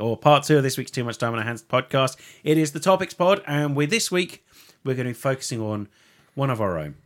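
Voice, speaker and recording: A man's voice: mid-range voice, animated, a little fast, few pauses, soft background music. A man hosting a casual podcast, jokey and loose, laughing at his own slips. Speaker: podcast host.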